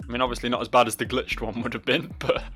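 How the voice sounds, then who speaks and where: A man's voice: medium pitch, flat delivery, fast, sharp tone, faint music behind. A man casually commenting on a game as he plays, rambling, self-mocking and swearing freely. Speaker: let's play host.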